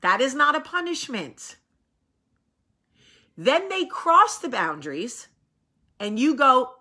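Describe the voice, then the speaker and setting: A woman's voice: medium pitch, lively intonation, unhurried, bright, forceful tone. A woman host in her thirties, coming down with a cold, talking bluntly and acting out quoted voices in casual chat.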